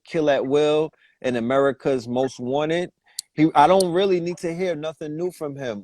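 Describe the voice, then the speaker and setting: A man's voice: medium pitch, darkish tone, dry recording. A man on a casual podcast, speaking as guest with impassioned, preachy emphasis. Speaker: guest commentator.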